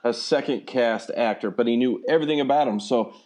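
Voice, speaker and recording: A man's voice: mid-range voice, brisk, darkish tone. A man in casual chat, musing aloud with self-deprecating humor and a few restarts. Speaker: conversation partner.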